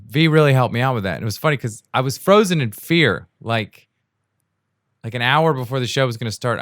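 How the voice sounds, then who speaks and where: A man's voice: lowish voice, a bit bright, dry recording, clean studio sound. A young adult man hosting his own podcast, rambling through a casual solo monologue on a new home mic, often laughing at himself. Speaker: podcast host. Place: indoors at home during a rainstorm.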